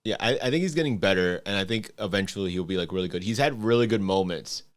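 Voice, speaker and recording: A man's voice: sits low, expressive, fast talker. A man co-hosting a podcast, chatting casually, swearing a lot, laughing and acting out quotes. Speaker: podcast co-host. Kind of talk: casual chat ranking anime characters.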